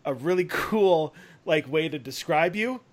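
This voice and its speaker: A man hosting a casual interview, hesitant, stammering and quick to laugh. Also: a little high, expressive. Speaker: podcast host.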